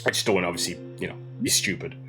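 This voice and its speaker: Low-voiced man hosting a game playthrough. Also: very fast, over music. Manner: casual, chatty, with fillers. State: under the weather. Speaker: let's play host. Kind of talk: gaming commentary.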